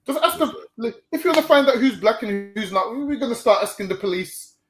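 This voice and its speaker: A man with a high voice preaches on the street in an emphatic, chatty way. He keeps coming back to "listen" and "man". The sound is roomy and echoey. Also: lively intonation, a little fast.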